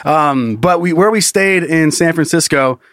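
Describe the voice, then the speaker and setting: Podcast man, raised-pitch voice, dry close mic, swearing storyteller who does voices of others. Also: unhurried, a bit bright, no room sound. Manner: profane storytelling with high-pitched impressions of others. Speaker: podcast co-host. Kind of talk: casual podcast chat.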